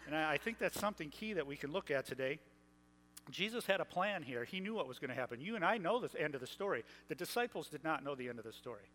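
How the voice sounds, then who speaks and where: Storytelling preacher in a reverberant hall. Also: male voice, fairly high pitch, expressive, fast, fairly bright tone. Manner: conversational storytelling, paraphrases scripture in playful modern voices. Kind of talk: sermon.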